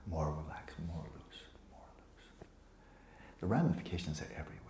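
A man teaching meditation to a retreat group, relaxed and playful, often sinking into a soft whisper and teasing students by name. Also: rumbling low, moderate pace, slight background noise. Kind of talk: dharma talk to a retreat group. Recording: echoey room with faint ambience.

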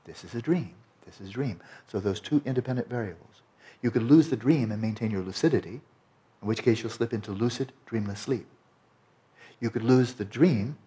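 A man teaching a meditation retreat in a relaxed, conversational way, often checking in with his listeners. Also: on the low side. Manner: conversational, frequent "you know" and "right?".

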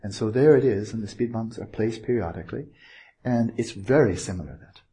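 Male meditation teacher, low mellow voice, gentle and playful, unhurried retreat talk. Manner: gentle, playful, with pauses and asides.

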